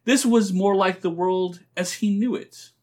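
A man narrating a comic story in an expressive, dry reading style. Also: sits high, measured pace. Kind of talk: audiobook-style reading for a phone story line.

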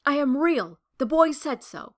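Earnest little toy bunny, high and pleading, kinda loud, a lady reading it out. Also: lively intonation, unhurried. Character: shy little worn toy rabbit, boy-like, eager to be real. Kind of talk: storybook character voice.

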